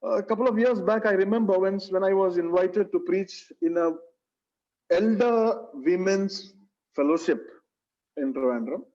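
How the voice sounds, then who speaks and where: A man's voice: high-pitched, measured pace, a little mellow. A man teaching a Bible study, earnest, repeating phrases and saying "you know" often. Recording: dull lo-fi sound.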